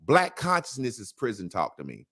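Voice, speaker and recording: A man's voice: medium pitch, huge pitch swings, normal speed, pushed and bright. A man as an interview guest, talking in a casual, emphatic way with slang and repetition.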